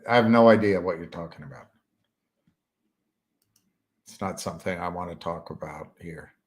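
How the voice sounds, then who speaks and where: A man chatting casually as a stream host, halting often and searching for words with many fillers. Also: deep voice. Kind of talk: casual rambling chat.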